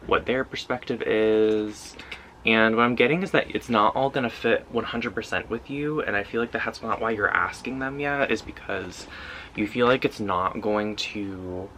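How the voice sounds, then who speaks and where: A man's voice: fairly low pitch, bright, forceful tone, slight background noise, poor audio. A man giving a casual pick-a-card tarot reading, loose and intuitive, often filling his talk with "like". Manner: loose and intuitive, heavy use of "like" fillers. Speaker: tarot reader.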